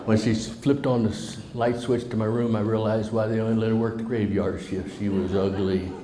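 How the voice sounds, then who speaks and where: This motivational speaker, a middle-aged man, has a lowish voice and a flat, brisk delivery. He addresses the crowd directly with a folksy, joking personal anecdote, recorded in a reverberant hall with faint noise.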